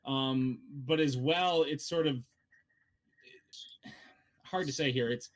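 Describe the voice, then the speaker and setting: A man's voice: mid-range voice, slow. Rambling man running a tabletop game. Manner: rambling, many fillers and restarts. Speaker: dungeon master.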